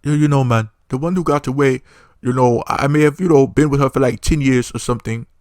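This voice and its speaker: A man's voice: medium pitch, a little fast, a little mellow, no echo, clean studio sound, close to an everyday voice. Brief: man doing a half-hearted mocking impression of a laid-back adult guy, drawling and offhand.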